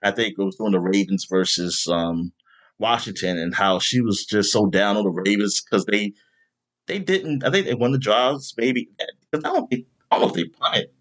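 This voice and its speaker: A man hosting a podcast in casual chat, rambling with lots of fillers and bursting into loud exasperation. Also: on the low side, normal speed. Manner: rambling, animated, with many fillers. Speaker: podcast host.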